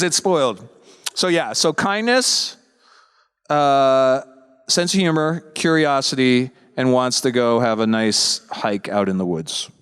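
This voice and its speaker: A man's voice: mid-range voice, animated, slow, fairly bright tone, clear, resonant tone, big-room sound. A man at a convention panel, joking and chatting with fans in a playful, talkative way. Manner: chatty, playful, jokey asides. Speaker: convention panel guest actor. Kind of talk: casual joking Q&A.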